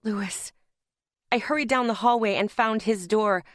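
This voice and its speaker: A woman's voice: a little high, a little fast, no echo, studio quality. A woman narrating a first-person audiobook in a tense, dramatic storytelling manner.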